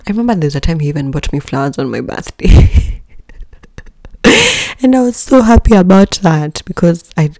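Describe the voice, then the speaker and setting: A woman hosting a podcast, telling a personal story in a candid, expressive way, with joking asides to listeners. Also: moderate pace, no room sound. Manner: candid and expressive, with jumps in pitch and level. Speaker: podcast host.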